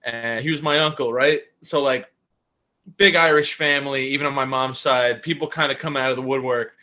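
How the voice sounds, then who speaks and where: A man's voice: mid-range voice, normal speed. A man co-hosting a podcast, telling a casual anecdote and acting out the people in it. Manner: animated anecdote-telling with acted quotes. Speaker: podcast co-host. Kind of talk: casual storytelling chat.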